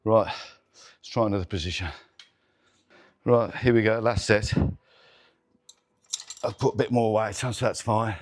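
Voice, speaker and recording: A man's voice: on the low side, steady tone, measured pace, pauses often. A middle-aged man hosting a workout demonstration vlog in a gym, counting reps aloud and swearing and groaning as he strains through sets. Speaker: gym owner and host. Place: indoor gym.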